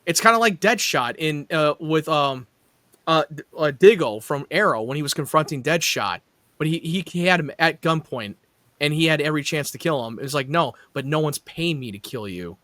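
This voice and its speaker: A man's voice: a little high, lively intonation, normal speed, bright, forceful tone, no echo. A man in a casual chat, laughing often and swearing casually.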